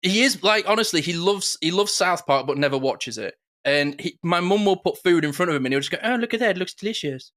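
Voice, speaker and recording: A man with a slightly high, bright and forceful voice co-hosts a relaxed podcast chat. He tells stories with lively energy and keeps dropping into short impressions of others. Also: fairly quick, few pauses. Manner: animated storyteller who slips into impressions. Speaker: podcast co-host. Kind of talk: casual chat.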